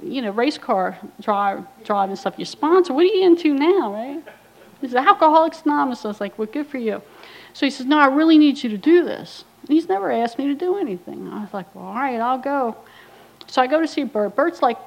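In poor audio, a middle-aged woman with a voice that sits high gives her recovery testimony. She tells her story bluntly and wryly, dropping in quoted asides.

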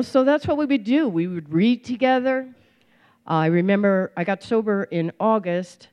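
A woman's voice: on the low side, clear, resonant tone. A woman sharing her recovery story in a casual, rambling way, with lots of fillers and restarts. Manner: rambling, warm-humored, many fillers and restarts. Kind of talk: personal testimony, casual storytelling. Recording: slightly dull lo-fi recording.

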